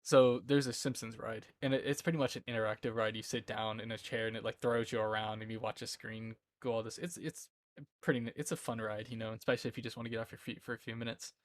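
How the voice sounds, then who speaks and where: A man's voice: fairly low pitch, level tone, quick pace, no room sound. A man in his twenties chatting casually on a live stream from home, rambling and often breaking into laughter. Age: 20s. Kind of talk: casual chat. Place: indoor room at home.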